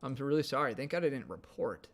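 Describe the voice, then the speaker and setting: A man's voice: mid-range voice, expressive, fast. A man with a Midwestern accent hosting a live stream, rambling in an easygoing way and saying "like" a lot. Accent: Midwestern American. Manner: rambling, easygoing, heavy use of "like". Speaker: livestream host. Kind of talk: casual live-stream chat. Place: home indoors.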